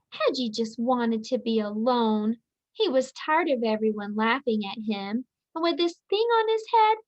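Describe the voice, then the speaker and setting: Slow, clear woman teacher reading aloud. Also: fairly high pitch. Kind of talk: reading a picture book aloud. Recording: dull lo-fi audio.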